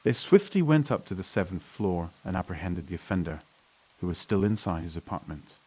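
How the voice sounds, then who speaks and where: A man with a deep, low voice reads a first-person horror story. His narration is scripted and steady, paced evenly like a storyteller. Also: fairly quick, husky.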